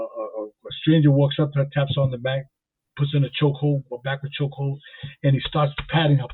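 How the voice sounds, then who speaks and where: A man from Jersey City telling rambling stories as a podcast guest, repeating words excitedly. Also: mid-range voice, slightly rough, no echo. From Jersey City, New Jersey. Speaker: guest, former boxing champion and police officer. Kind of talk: casual storytelling. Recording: tinny phone-like line, dry.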